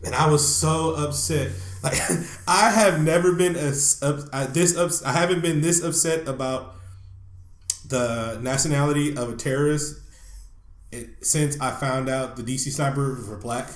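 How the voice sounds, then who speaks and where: A man co-hosting a podcast, ranting in casual chat, animated and profane, laughing as he talks. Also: fairly high pitch, measured pace, echoey room. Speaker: podcast co-host.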